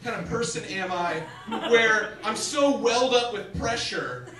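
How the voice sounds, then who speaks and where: A young man doing stand-up comedy, telling animated stories with sudden shouted bits on a theater stage. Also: sits high, measured pace, slight background noise. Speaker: stand-up comic. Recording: echoey theater from a distance.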